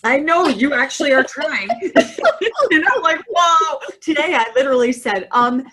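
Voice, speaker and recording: A woman's voice: high-pitched, moderate pace, sharp tone, slightly rough. A woman co-hosting a podcast in casual chat, easygoing and laughing between her thoughts. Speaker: podcast co-host.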